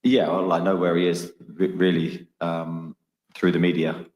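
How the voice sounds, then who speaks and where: Deep measured man at a press conference. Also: level tone, a little mellow, roomy sound, big-room sound. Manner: measured, guarded, hesitant. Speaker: football club manager.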